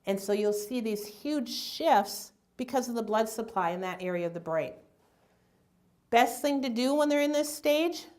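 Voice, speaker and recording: A woman teaching a community health class on dementia care, lively and acting out family members' voices. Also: high voice. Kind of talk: community health talk to a live audience.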